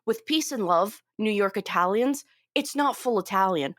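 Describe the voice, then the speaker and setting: A woman co-hosting a film podcast, chatting casually with quick asides. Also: mid-range voice, lively intonation, a bit bright, no echo, studio quality. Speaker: podcast co-host.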